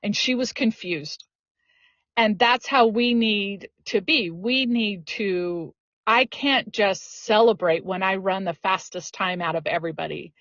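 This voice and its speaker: A woman's voice: mid-range voice, unhurried, dry recording. A woman guest on a podcast telling personal stories in an earnest, casual way, often saying "you know.". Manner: earnest, lively storyteller with frequent "you know". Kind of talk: casual storytelling. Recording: dull lo-fi dry audio.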